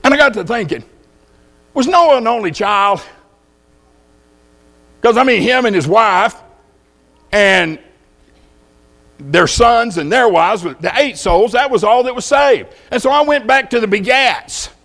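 Folksy older preacher, lively high voice. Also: male voice, unhurried, long pauses. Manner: folksy storytelling with jokes. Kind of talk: sermon.

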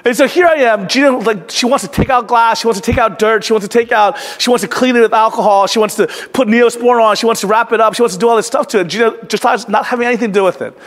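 A man preaching a sermon as a pastor, telling a story in a conversational, earnest way that sometimes sinks to a hush. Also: very high voice, fast, few pauses. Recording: long hall reverb.

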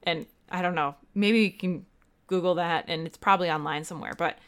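A young woman co-hosting a podcast, talking in a chatty, animated, self-deprecating way. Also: fairly low pitch, brisk, clean tone. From United States. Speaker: podcast co-host. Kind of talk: casual chat.

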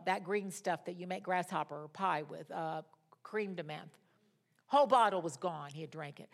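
A middle-aged woman teaching a Bible study, telling personal stories in a dramatic, expressive way. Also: medium pitch.

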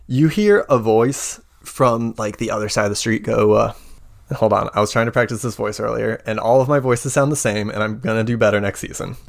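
A woman running a tabletop game as game master, relaxed and often searching for words as she narrates. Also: very deep voice, fairly quick, gravelly.

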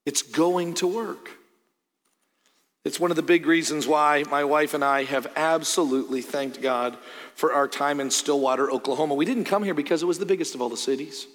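A middle-aged man delivers a sermon from the pulpit in a fairly high voice. He is earnest, swinging from loud, emphatic peaks to quiet, low asides. His words ring out with a long reverb across the church sanctuary. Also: moderate pace. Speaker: pastor.

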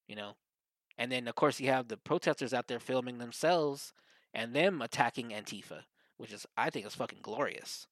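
A man, co-hosting a casual podcast chat, rambling and profane, getting animated when he quotes others. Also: medium pitch, moderate pace, dry recording. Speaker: podcast co-host.

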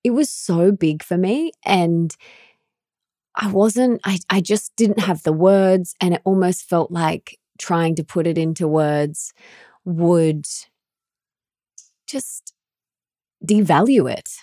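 A woman's voice: fairly low pitch, slow pace, pauses often, mellow, no room sound, clean studio sound. A woman hosting a podcast with her husband, teasing him playfully and laughing as she chats. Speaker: podcast host. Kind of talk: casual podcast chat.

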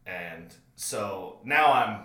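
Bright-voiced man telling a wild story. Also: lowish voice, animated, drawn-out words, echoey room. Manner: profane, builds to frantic retelling. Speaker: podcast host telling a story. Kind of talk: animated comedic storytelling.

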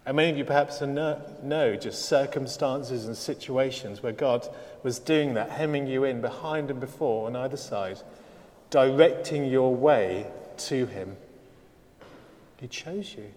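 A man's voice: mid-range voice, measured pace, a little mellow. A man preaching a sermon at a church service, telling a story with dry humour and building to emphatic points. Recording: long reverb of a church hall.

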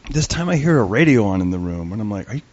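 A man on a comedy podcast telling a long story in a lively way, acting out the people in it. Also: fairly low pitch, quick pace, a little hiss or hum. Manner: animated storyteller, acts out quoted voices. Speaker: comedian guest. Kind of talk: casual storytelling chat. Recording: dull lo-fi podcast audio.

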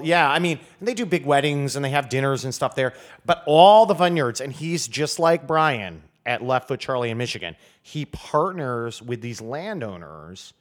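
A man who is a guest wine expert, talking in a casual podcast chat and telling stories in a rambling way with many fillers. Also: mid-range voice. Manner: rambling, lots of fillers and restarts, storytelling.

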